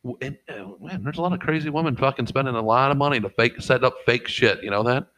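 A middle-aged man talks casually and swears freely. He rambles from story to story and acts out what people said. His voice sits at an ordinary middle pitch. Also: quick pace, a bit bright, rough recording. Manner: profane, rambling storyteller who acts out quotes. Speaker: podcast co-host and father. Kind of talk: casual chat.

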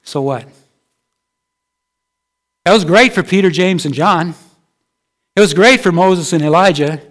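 A man's voice: high-pitched, a little slow, a bit bright. A male pastor preaching a sermon in a conversational way, asking his listeners rhetorical questions.

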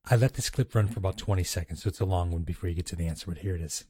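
Talking through his recorded audio clips, a vlog host keeps up casual, chatty commentary, laughing frequently and starting sentences over. He speaks rapid-fire in a low voice. There's heavy background noise.

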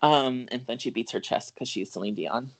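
A man's voice: medium pitch, moderate pace, a little hiss or hum. Rambling man reviewing a film casually. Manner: rambling, full of fillers and restarts; candid, swears casually. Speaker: podcast co-host.

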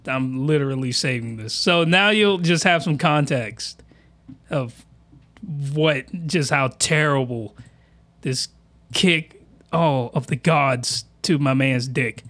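A man hosting an anime reaction video, giving excitable, crude commentary at a desk mic, with shouting outbursts and voice cracks. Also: medium pitch, slow pace.

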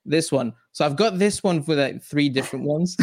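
A man hosting a casual podcast interview, easygoing and chuckling, often stumbling into quick restarts. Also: on the high side, no echo, studio quality. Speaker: podcast host.

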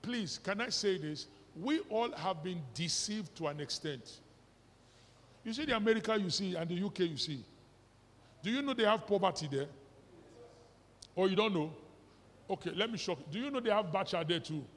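A man's voice: high voice, expressive, moderate pace, long pauses, slight background noise. A middle-aged man with a Nigerian accent preaching a sermon, mixing pidgin and English and firing rhetorical questions at the congregation. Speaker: pastor. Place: church hall. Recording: reverberant church hall recording.

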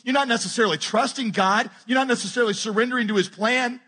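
A man preaching a sermon as pastor, animated and joking as he retells a scripture story. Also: extremely high pitch, quick pace. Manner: animated, jokey retelling with acted-out quotes.

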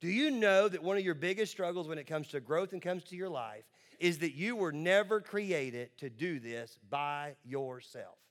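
A male pastor with a somewhat high voice delivers a sermon to a congregation. He is emphatic and switches between quick asides and slowly stretched words. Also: animated.

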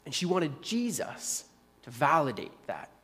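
A man's voice: on the high side, very animated, unhurried, fairly bright tone, in a large hall. A male pastor preaching a sermon conversationally, repeating phrases for emphasis.

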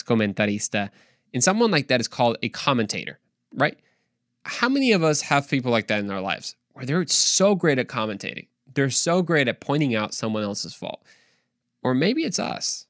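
A young man giving an informal devotional talk, animated and slangy, with quick asides to listeners. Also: mid-range voice, no room sound, studio quality. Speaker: podcast preacher.

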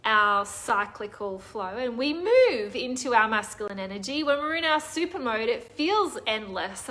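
A woman with a fairly high, fairly bright voice hosts a live online coaching session for her course, speaking enthusiastically and reading viewer comments aloud.

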